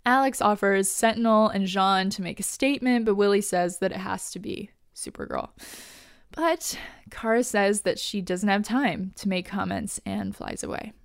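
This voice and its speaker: A woman hosts a casual podcast and recaps an episode with animated enthusiasm, laughing often and swearing casually. Her voice is smooth and resonant. She is on a close mic with a dry, dead sound. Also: medium pitch, moderate pace, no room sound. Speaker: podcast host.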